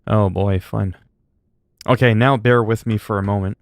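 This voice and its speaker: A man's voice: lowish voice, steady tone, normal speed, gravelly, no room sound, studio quality. A man chatting casually on a game livestream, rambling and swearing freely. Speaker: game streamer.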